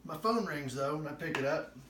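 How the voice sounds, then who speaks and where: A man's voice: fairly high pitch, brisk, noisy background. A man hosting a home cooking show, telling a funny family story while baking. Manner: animated comic storyteller. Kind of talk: cooking demo with anecdote. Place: home kitchen. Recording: echoey, distant room sound.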